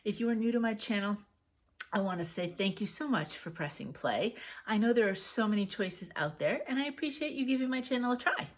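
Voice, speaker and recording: A woman's voice: medium pitch, expressive, fairly quick. A woman casually chatting to camera in a rambling, grateful way, often laughing. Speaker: cross stitch vlogger.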